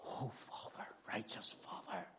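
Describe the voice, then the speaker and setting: A man's voice: measured pace, sharp tone. A man acting out Jesus in anguished prayer to his Father, pleading between whispers and cries. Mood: whispered anguish. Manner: pleading, alternating whispered and cried-out lines. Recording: echoey hall reverb.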